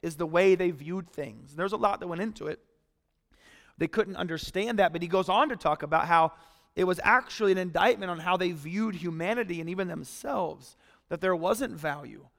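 A pastor preaching a sermon in a conversational way, retelling a story and acting out the voices of the people in it. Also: male voice, sits high, normal speed, vocal fry, fairly bright tone, in a large hall.

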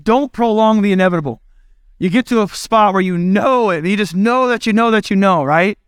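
High, smooth-voiced male preacher. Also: brisk, no room sound, studio quality. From Indiana, United States. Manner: conversational, self-deprecating, acts out quotes. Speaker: pastor. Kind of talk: sermon.

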